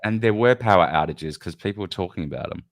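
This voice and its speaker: A very deep-voiced man hosts a casual chat, cursing freely and cutting himself off mid-sentence. The sound is dry and close, with no room behind it. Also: lively intonation, fast, dry recording. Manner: rambling, profane, self-interrupting. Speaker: podcast host. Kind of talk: casual chat while showing clips.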